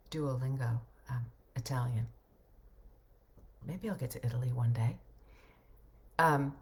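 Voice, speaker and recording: A middle-aged woman, a voiceover coach, chatting casually on a livestream and reading out viewer comments, reflective and rambling. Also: low-pitched.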